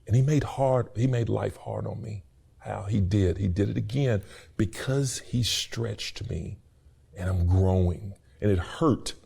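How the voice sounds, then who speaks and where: A man's voice: on the low side, a little slow, gravelly, warm tone, breathy edge. A middle-aged man giving an earnest, preacherly personal testimony in an interview, repeating words as his feeling builds. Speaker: university staff member and interview guest.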